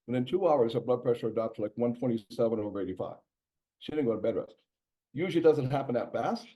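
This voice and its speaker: A man's voice: medium pitch, quick pace, dark tone. A man, a doctor, giving a casual health presentation in a conversational way, with many fillers and restarts. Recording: dull lo-fi recording.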